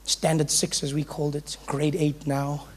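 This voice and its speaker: A man doing stand-up comedy, telling stories in an animated way. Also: fairly high pitch, moderate pace, slight background noise. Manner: animated storytelling, switching into voices. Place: comedy stage before a live audience.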